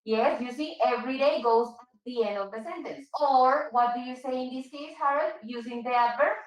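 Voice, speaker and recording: Patient high-voiced woman teaching English. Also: recorded from a distance. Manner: patient, repeats and explains slowly, switches into Spanish. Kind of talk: online English class for Spanish speakers. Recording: echoey room.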